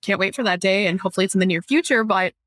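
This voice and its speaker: A woman runs a casual podcast about her small business. She talks in a chatty, animated way and acts out the people she quotes. Her voice sounds dry and close to the mic. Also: medium pitch, rapid-fire, no echo. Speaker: business owner and podcast host.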